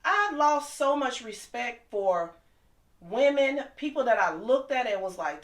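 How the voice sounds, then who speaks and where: A woman's voice: on the high side, very animated. Impassioned woman in an echoey room. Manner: impassioned, talks fast and heated. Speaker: guest. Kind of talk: emotional personal storytelling.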